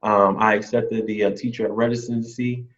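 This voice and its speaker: Animated man telling his hiring story. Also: lowish voice, normal speed. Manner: animated, quotes others in lively re-enactments. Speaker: new teacher hire. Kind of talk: casual interview, storytelling. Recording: dull lo-fi sound.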